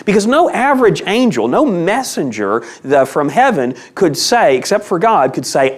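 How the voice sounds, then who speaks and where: A man's voice: high-pitched, very animated, moderate pace, hardly any pauses. A man teaching a casual Bible study in a conversational, emphatic way, asking rhetorical questions.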